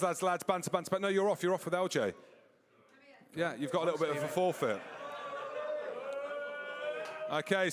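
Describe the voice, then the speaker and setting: A man from Scotland hosts a live rugby fan night, a touch high in pitch. He jokes and plays to the crowd, his voice trailing off into a long reverberant hall. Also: a bit bright. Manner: joking, upbeat crowd-pleasing. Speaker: host. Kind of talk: live fan show banter. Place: clubhouse before a live audience.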